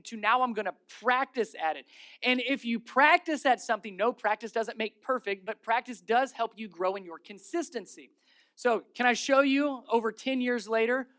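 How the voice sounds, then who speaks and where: A man's voice: very high voice, pushed and bright. A man in his thirties preaching a sermon as pastor in a church, telling stories with energy, repeating key phrases and putting questions to the congregation.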